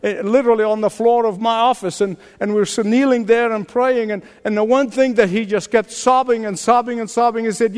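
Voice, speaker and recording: Older man, pastor, high voice, emphatic preaching, call-and-response, long hall reverb. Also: fairly even intonation, fairly quick, few pauses, smooth. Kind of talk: sermon.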